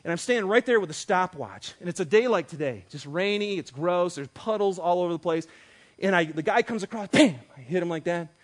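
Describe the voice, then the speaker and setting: Male pastor in his thirties, high-pitched voice, lively preaching with dramatic loud and quiet swings. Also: brisk. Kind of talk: sermon.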